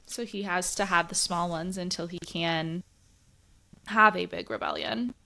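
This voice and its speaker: Woman co-host, crisp bright tone, playful teasing chat. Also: fairly low pitch, steady tone, unhurried. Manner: playful and teasing, laughs often. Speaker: podcast co-host. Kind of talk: casual book-discussion chat.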